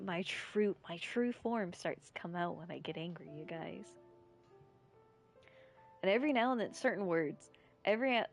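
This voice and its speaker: A woman streamer with a rural American accent, chatting in a rambling, giggly, irreverent way. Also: lowish voice. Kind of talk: casual live-stream chat. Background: faint game music.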